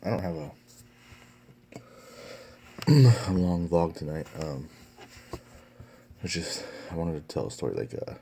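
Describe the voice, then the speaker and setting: A man's voice: deep voice, animated, unhurried, creaky, pauses often, warm tone, slight background noise. A young man telling a story to his vlog camera in a casual, profane way, with lots of fillers and restarts. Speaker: vlogger.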